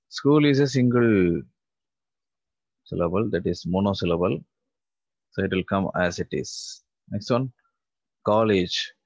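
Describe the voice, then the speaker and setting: A man's voice: fairly low pitch, no room sound. A male teacher giving a vocabulary lesson, repeating each word several times and spelling out letters. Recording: dull lo-fi recording.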